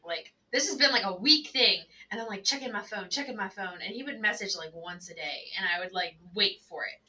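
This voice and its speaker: Bright rambling woman telling a story. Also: mid-range voice, fairly quick, far from the mic, low-quality recording. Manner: rambling, fills talk with "like". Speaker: tabletop game player. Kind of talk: casual storytelling among friends.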